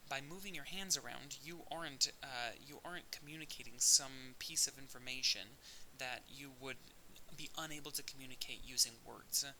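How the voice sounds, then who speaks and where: A man's voice: mid-range voice, normal speed, pushed and bright, low-quality recording. A man recording an audio lecture, explaining step by step with occasional restarts. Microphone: audio-only recording. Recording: faint hiss.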